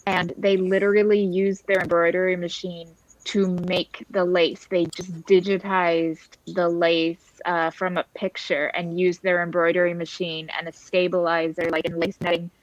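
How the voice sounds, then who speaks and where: A woman's voice: lowish voice, level tone, dry recording, lo-fi sound. A woman chatting casually in a group discussion, talkative and laughing often. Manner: chatty, laughing, quick to correct. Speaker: panelist.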